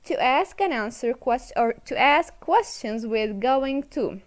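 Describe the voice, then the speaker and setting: A woman's voice: sits high, lively intonation, a little slow. A woman teaching an English video lesson to children, encouraging, repeating words and switching into to explain.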